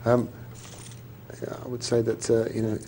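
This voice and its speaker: A man's voice: mid-range voice, monotone, normal speed, noisy background. A man co-presenting a live poker show, rambling and joking with mock indignation. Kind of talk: live TV studio banter.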